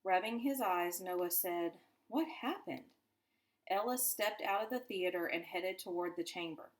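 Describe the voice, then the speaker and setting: A woman teacher reading a children's novel aloud to her class in a deliberate storytelling manner. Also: fairly low pitch. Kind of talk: children's book read-aloud.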